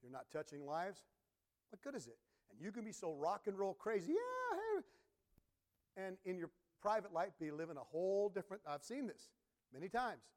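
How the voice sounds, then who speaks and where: A middle-aged man preaching a sermon as pastor, telling stories with bursts of shouting and imitated instrument sounds. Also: on the high side. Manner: animated storytelling, sudden shouts and imitated organ sounds.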